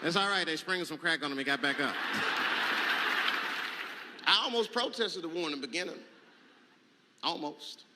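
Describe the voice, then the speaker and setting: A man doing stand-up comedy, telling a story in a loose, profane, conversational way with sudden shouted bursts, on a live stage. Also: a little high, moderate pace, pauses often. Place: comedy stage with audience laughing. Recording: noisy live stage recording.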